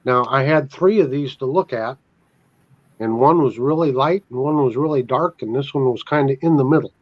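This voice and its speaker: A man's voice: mid-range voice, normal speed, muffled recording. A man joining a casual live chat as a guest, joking and laid-back.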